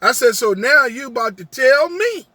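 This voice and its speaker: A man with a very high voice and a bright, forceful edge tells a rideshare story as a heated rant. His tone is husky and the sound is dry and close. He keeps restaging the argument with line after quoted line. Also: very animated, normal speed, dry recording. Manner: emphatic, retells arguments with many "I said" quotes. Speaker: rideshare driver.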